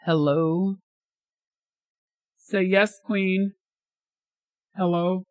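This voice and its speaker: A woman on a voice changer as a slow synthetic lady. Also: lowish voice, fairly even intonation, darkish tone, no room sound. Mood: testing. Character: synthetic feminine voice-changer guise.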